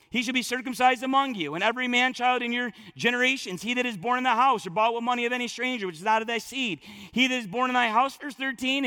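A man preaching a sermon, reading scripture aloud and breaking into animated, conversational asides. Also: very high voice. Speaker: pastor.

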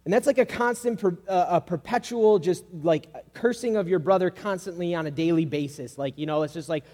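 A man with a somewhat high voice preaches in a relaxed, chatty way, peppering his points with "like" and little acted-out quotes. His voice rings out with a long reverb through the hall. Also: fairly quick, few pauses. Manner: casual and conversational, acting out quoted voices. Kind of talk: sermon.

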